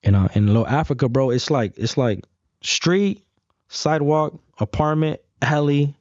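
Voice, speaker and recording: A man's voice: moderate pace, no echo. A young man, a podcast guest, telling stories from his life in a casual, slangy way, calling people "bro" and "dog" and acting out what others said. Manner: acts out quoted lines in a higher, louder voice. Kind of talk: casual storytelling. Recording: dry, slightly dull audio.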